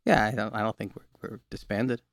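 A man's voice: on the low side, fairly even intonation, fairly quick, gravelly, no echo. A man chatting casually over a movie as a podcast guest, making laid-back brief remarks.

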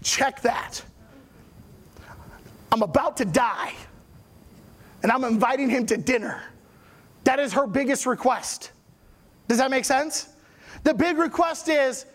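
A man teaching a Bible lesson in a chatty, animated storytelling way, often checking in with his listeners. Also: extremely high pitch, slow pace, long pauses.

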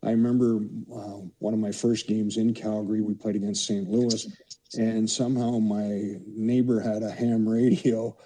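Low husky older man telling stories. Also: little pitch movement, moderate pace, mellow, poor audio. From Canada. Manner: rambling anecdotes full of "you know". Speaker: podcast guest, former hockey player. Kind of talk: casual storytelling.

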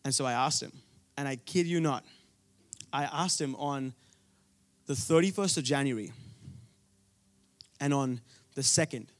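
A man's voice: medium pitch, a little slow, pauses often. A young man from India preaching a sermon, telling a personal story earnestly, with frequent restarts.

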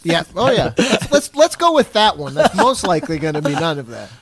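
A man co-hosting a casual podcast, joking and quick to agree. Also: a little high, sing-song, husky, no room sound. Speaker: podcast co-host.

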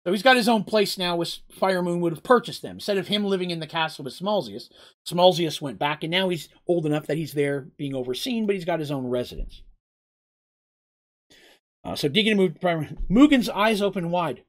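Author reading his own tale aloud; animated, chatty between passages. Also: high voice, fairly quick. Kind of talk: story reading with asides.

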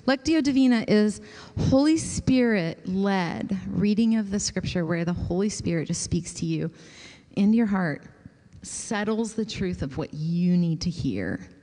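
A woman preaching a sermon and leading a slow, gentle scripture prayer with long pauses. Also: medium pitch, animated, long reverb tail.

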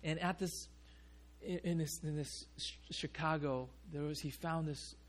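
A male pastor preaching a sermon, telling a story in an animated way and often restarting his sentences. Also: a little high, measured pace.

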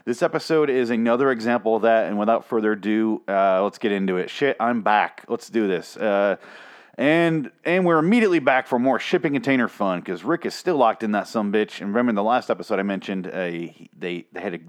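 Fast-talking sarcastic swearing man. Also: on the low side, lively intonation. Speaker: TV show reviewer. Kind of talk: sarcastic profane review rant.

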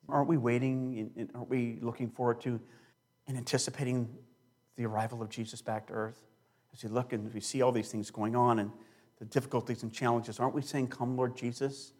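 A male pastor preaching a sermon with emphasis, slowing down and repeating key words. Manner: emphatic preaching with big swings in loudness and pitch.

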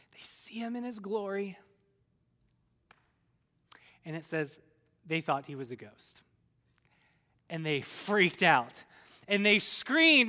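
A man preaching a sermon, retelling Bible stories in a lively, conversational way and briefly acting out the people in them. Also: sits high, in a large hall. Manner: animated storyteller, acts out voices of biblical figures. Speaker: pastor.

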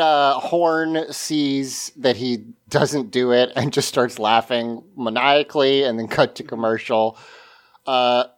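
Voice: medium pitch, smooth. A podcast co-host recapping an episode in casual chat, swearing freely and acting out characters' lines.

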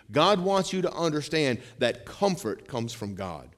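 Middle-aged male pastor, animated pitch, chatty sermon with rhetorical check-ins. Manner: conversational preaching with frequent asides and rhetorical questions; slows and swells when reading scripture.

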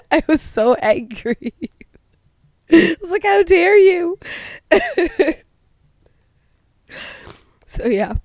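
A woman's voice: sits high, big pitch swings, very slow, pauses often, a little mellow, dry recording, studio quality. A young woman telling a funny story in casual chat, with a cold, laughing constantly and saying "like" a lot. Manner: giggly, laughs constantly mid-sentence, lots of likes. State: has a cold.

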